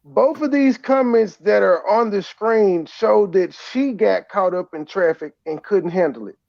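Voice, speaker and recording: Male co-host, gravelly and sarcastic, heated casual commentary, muffled lo-fi audio. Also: sits high, unhurried, a little mellow. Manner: sarcastic, mocking, swearing. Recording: dull lo-fi sound.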